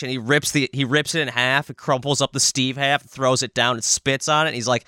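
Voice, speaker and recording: A man's voice: mid-range voice, steady tone, brisk, hardly any pauses, sharp tone, clean tone, no echo, studio quality. A man co-hosting a podcast, rambling and joking crudely in casual chat. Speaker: podcast co-host.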